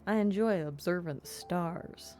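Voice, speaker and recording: A woman's voice: fairly low pitch, a little slow, dark tone, soft background music, close to an everyday voice. A woman voicing a young wolf-girl road warden with a Southern US accent, cheerful and witty, in a text game.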